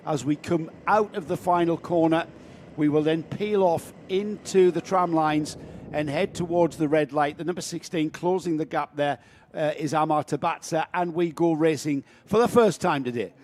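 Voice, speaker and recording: A man with a northern English accent doing live karting commentary, chatty and rambling, reeling off driver names in quick lists. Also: a little high, a little mellow, slight background noise. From northern England. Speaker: race commentator.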